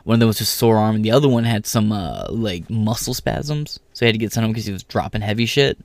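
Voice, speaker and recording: A man's voice: on the low side, fast talker, dry recording. A man from the United States ranting in a vlog monologue, swearing constantly and mocking other people by mimicking them. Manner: profane, heated, swears constantly. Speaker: vlogger.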